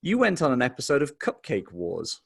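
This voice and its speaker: A man hosting a podcast interview, making measured comments and brief affirmations. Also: mid-range voice, wildly swooping pitch, vocal fry, husky, no echo, studio quality. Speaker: podcast host.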